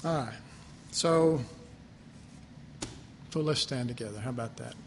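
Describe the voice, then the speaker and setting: A man preaching a folksy sermon, moving between loud declarations and hushed, quiet passages. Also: medium pitch, a little slow, in a large hall, a little hiss or hum. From Texas. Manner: folksy, self-deprecating, swings from loud to hushed.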